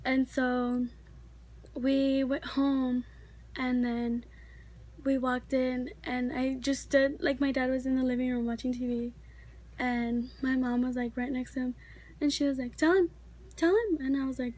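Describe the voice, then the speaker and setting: Teen girl, high voice, casual storytelling, lots of likes and fillers. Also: flat delivery, measured pace, darkish tone. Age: teens. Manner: chatty, filler-heavy, many likes. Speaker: vlogger.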